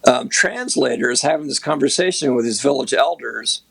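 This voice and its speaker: Guy with a raspy gravelly voice rambling thru a story on a podcast, lots of um and you know. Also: medium pitch, animated, moderate pace, a bit bright, no echo. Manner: rambling anecdotes with many fillers. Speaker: guest photographer. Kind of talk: casual storytelling.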